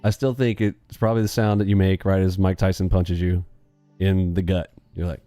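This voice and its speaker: A man's voice: low voice, flat delivery, moderate pace, mellow, soft background music. A man hosting a live trading stream in casual chat, joking and rambling with playful sound effects.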